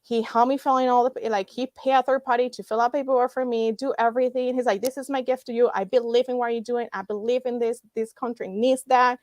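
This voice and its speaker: Animated woman telling her story, dry sound. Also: on the high side, fast, hardly any pauses, dry recording. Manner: animated, acts out dialogue, laughs often. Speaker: guest, nonprofit founder. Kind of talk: emotional storytelling in conversation.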